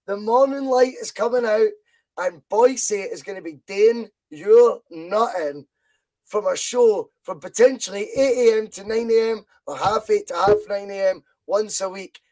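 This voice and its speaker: A man hosting a casual fan podcast, loud and animated as he reads out viewer comments. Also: high voice, unhurried, rough recording. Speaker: podcast host.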